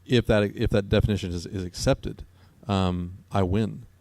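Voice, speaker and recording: A man with a lowish voice hosts a casual debate, thinking aloud as he goes. His speech is halting and full of fillers and restarts. The sound is dry and close. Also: fairly even intonation, darkish tone, no echo. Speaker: co-host.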